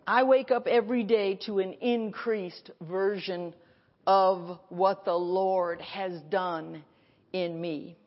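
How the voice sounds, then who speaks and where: A woman pastor preaches at a conference with emphatic, repeated declarations and dramatic pauses. Her voice sits at a middle pitch. The recording sounds dull and slightly lo-fi. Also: fairly even intonation. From United States. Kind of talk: sermon. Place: conference hall.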